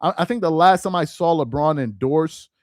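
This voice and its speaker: Male live-stream commentator, high voice, dry close sound, slangy and repetitive delivery. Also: moderate pace, dry recording. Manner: loose, slangy, repeats himself for emphasis.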